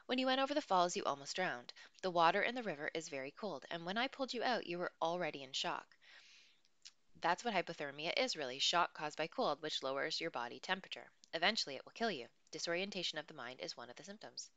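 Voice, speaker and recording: A woman reading the lines of a firm, practical woman who rescued a boy from a river, in a clear, low-pitched, crisp voice. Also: lively intonation, quick pace, a bit bright, no room sound. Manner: firm but not nasty, plain and practical. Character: tall firm adult woman rescuer in the wild.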